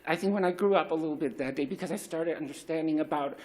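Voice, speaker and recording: A man's voice: fairly high pitch, fast, a little mellow. A middle-aged man telling a raw, confessional personal story at a live story slam, swearing freely and restarting his sentences.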